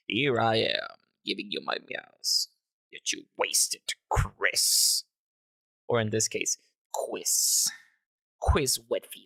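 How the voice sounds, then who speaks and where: A man on a livestream shares his remix with the chat, joking around, laughing a great deal, swearing without restraint and letting out playful meows. He has a fairly low voice with vocal fry and a pushed, bright quality, taking it slowly and pausing often. The recording is dry.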